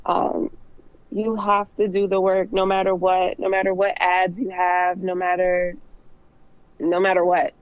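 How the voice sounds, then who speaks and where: A woman's voice: on the low side, completely flat delivery, unhurried. A woman fashion designer speaks earnestly and from the heart, with frequent "like"s and "um"s. She is on a remote call, so her voice comes through dull and muffled. The sound is dry and close, with no room echo. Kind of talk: casual interview chat.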